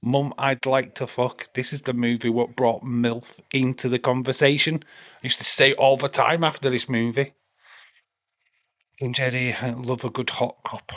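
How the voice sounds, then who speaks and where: A man's voice: medium pitch, no room sound. Casting note: English male streamer, casual banter, dry lo-fi home mic. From England. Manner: chatty, reads out chat, swears freely. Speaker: livestream host. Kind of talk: casual watch-along chat.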